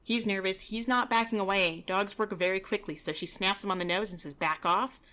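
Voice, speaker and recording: Woman, dog trainer, mid pitch, relaxed conversational commentary over footage. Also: fairly quick. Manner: relaxed, chatty, explaining with frequent "you know" and "kinda".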